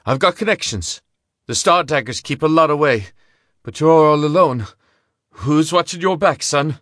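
A man's voice: fairly high pitch, moderate pace, a bit bright, no room sound, clean studio sound, pitched above the performer's own voice, natural voice. A man voicing an armed male gambler who taunts and then pleads in a story reading. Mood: pleading.

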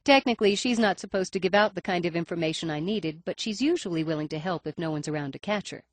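A woman's voice: on the low side, quick pace, no room sound. A woman reading a first-person detective story aloud in a wry, matter-of-fact manner. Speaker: audiobook narrator. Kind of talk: first-person scripted narration.

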